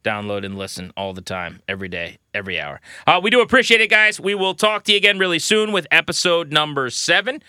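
A man's voice: fairly high pitch, big pitch swings, quick pace, hardly any pauses, bright, forceful tone, clear, resonant tone, dry recording, clean studio sound. A man in his thirties co-hosting a sports podcast in a casual, joking way. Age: 30s. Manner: joking, playful. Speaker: podcast co-host.

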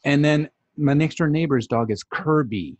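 A man's voice: on the high side, normal speed, a little mellow, no room sound. A middle-aged man chatting casually as a podcast co-host, telling stories animatedly, putting on voices and swearing casually. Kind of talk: casual chat.

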